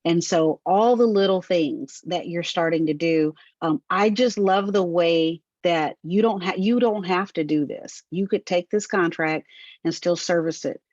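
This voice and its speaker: A woman guest on an interview, warmly affirming and repeating her praise for the host. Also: lowish voice, a little slow, no room sound, highs cut off. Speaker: guest and team member. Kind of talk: interview conversation.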